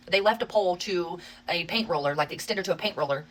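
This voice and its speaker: A woman speaks straight into her phone in a casual storytime vlog, and her voice sits on the low side. She races through the story with exasperated energy and swears freely along the way. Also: low-quality recording. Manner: rapid, profanity-laced, exasperated retelling. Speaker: social media creator.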